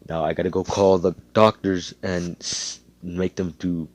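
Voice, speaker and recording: Brief: flustered female nurse, slangy and loose, as a man puts her on, low voice, dry sound. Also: little pitch movement, measured pace, dry recording. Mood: matter-of-fact. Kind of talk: casual fan story narration.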